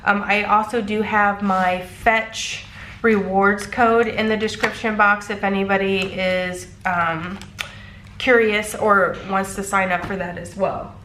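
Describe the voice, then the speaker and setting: A stuffy-nosed woman in her thirties chats easily as she counts out cash, with lots of little ums along the way. Her voice sits at a middle pitch and rings off the walls of an echoey room. A faint hum of room noise sits under her voice. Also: fairly even intonation, slow, a bit bright. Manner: chatty, frequent ums, counting bills aloud. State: congested. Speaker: cash budgeting vlogger. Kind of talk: casual chat.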